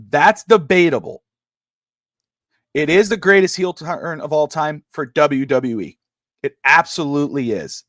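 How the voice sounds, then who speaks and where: Excitable man in dry casual chat. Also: on the high side, dry recording. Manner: excitable, rambling, restarts often. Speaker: sports podcast co-host. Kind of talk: casual sports talk.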